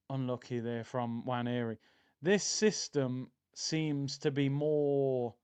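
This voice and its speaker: Using a smooth, medium-pitched voice, a man hosts a live match reaction stream for a football game. He chats casually, reads viewer comments aloud, and breaks into excitable bursts.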